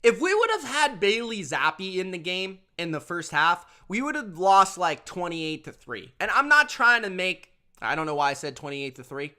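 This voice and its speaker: A man's voice: sits high, very animated, normal speed, pushed and bright. A man hosting a sports review show, ranting emphatically in casual talk, repeating himself and calling listeners bro. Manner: emphatic, repetitive, addresses viewers as bro. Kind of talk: casual opinion rant.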